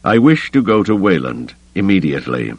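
A man voicing an unstable older male Jedi Master who speaks slowly and imperiously, in an audiobook reading. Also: low-pitched, sing-song, husky, no echo, exaggerated voice. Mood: curt. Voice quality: slow, deliberate, commanding.

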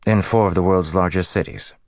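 A man's voice: sits low, fairly quick, dry recording, clean studio sound, voice pushed up. A man voicing a grumbling, sarcastic young rogue in an audiobook. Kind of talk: audiobook character voice.

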